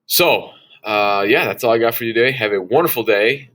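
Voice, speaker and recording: A man's voice: medium pitch, brisk, a bit bright. A man teaching a recorded lesson walk-through, talking casually and chattily and often checking in with "all right?". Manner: folksy asides. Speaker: science teacher.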